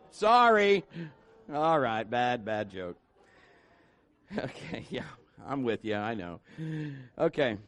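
A man's voice: a little high, no echo. A man preaching a sermon in church, mixing jokes and acted-out quotes into his message. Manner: joking asides, voices quotes. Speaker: pastor.

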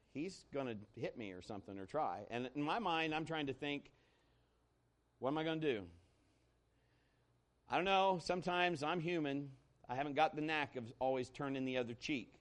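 Speaking at a brisk clip in a medium pitch, this male pastor shares a personal story during his sermon. His delivery is conversational and animated, rising loud and dropping to a hush.

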